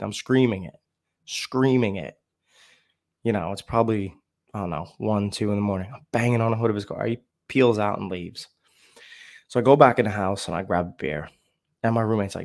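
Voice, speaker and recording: A man candidly telling a painful personal story, raw and profane, halting and restarting his sentences. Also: fairly low pitch, gravelly. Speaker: storyteller sharing recovery story.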